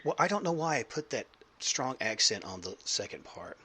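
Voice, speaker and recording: A man's voice: mid-range voice, sing-song, moderate pace, pushed and bright, slight background noise. A man hosting a podcast interview, talking in a loose, rambling way with lots of fillers and jokes. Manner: rambling, filler-heavy, jokey. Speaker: podcast host.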